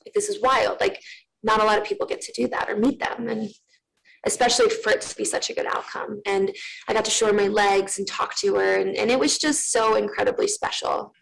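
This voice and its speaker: A woman's voice: mid-range voice, steady tone, brisk, gravelly, low-quality recording. A young woman from Russia, a guest in an interview, telling a heartfelt personal story in a candid way full of fillers. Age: young adult.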